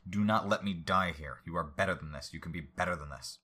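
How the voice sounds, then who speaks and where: A man's voice: low-pitched, a little fast, bright, forceful tone. A man voicing an unhinged, grandiose male villain who rants and philosophizes manically while reading a story aloud. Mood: raving.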